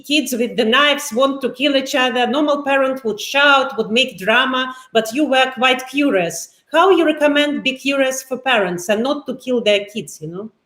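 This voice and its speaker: A woman's voice: high voice, fairly bright tone. Woman interviewer in an echoey room. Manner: halting, searching for words. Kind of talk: interview questions.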